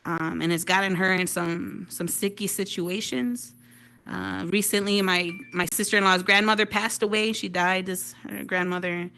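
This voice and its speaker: Bright-voiced woman doing stand-up. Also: mid-range voice, fairly even intonation, moderate pace, creaky. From Detroit, United States. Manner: chatty, tags lines with "right?", laughs at own jokes. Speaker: stand-up comedian. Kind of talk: stand-up comedy routine. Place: virtual reality social venue. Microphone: VR headset mic.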